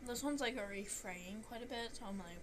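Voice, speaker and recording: A woman's voice: a little high, fairly quick, noisy background. Rambling Southern woman streamer. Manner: rambling, swears often, self-deprecating. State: phlegmy throat. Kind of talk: casual stream chat.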